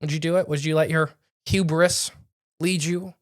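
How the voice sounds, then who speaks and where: A young man in a relaxed podcast setting, narrating a ghost story in a slightly higher-than-average voice. He rambles, restarts sentences and fixes his own slips as he goes. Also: normal speed. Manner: rambling, self-correcting storyteller. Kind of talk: casual storytelling chat.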